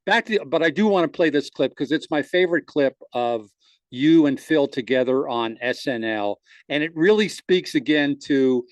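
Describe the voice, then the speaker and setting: A man's voice: a little high, expressive, normal speed, dry recording. A man hosting a podcast, chatting casually and enthusiastically with his guest. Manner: enthusiastic, rambling. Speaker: podcast host. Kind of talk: casual interview chat.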